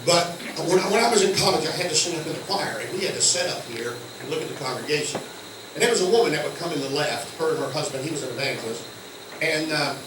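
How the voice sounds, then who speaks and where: An older man with a Southern American accent preaching a sermon, telling folksy stories that swing from hushed low tones to loud shouts. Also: noisy background. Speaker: guest preacher. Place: church sanctuary. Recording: echoey church from far off.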